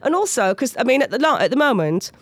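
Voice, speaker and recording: Speaking fast in a high voice on a dry recording, a thirtysomething woman appears as a comedian guest. Her casual chat is full of lively stories and put-on voices.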